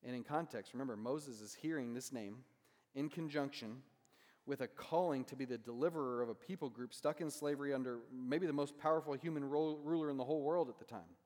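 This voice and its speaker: A male pastor gives a sermon at a brisk pace, his medium-pitched voice sitting in an ordinary middle register. He keeps it relaxed and conversational, often closing points with a questioning "right?" A long reverb trails each phrase, as though he's in a large sanctuary.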